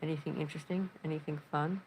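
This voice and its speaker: A woman's voice: deep voice, fairly even intonation, quick pace, darkish tone, slight background noise, rough recording. A woman hosting a casual livestream from her living room, chatting in a rambling, storytelling way and reading out chat messages. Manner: reads chat messages aloud. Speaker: livestream host.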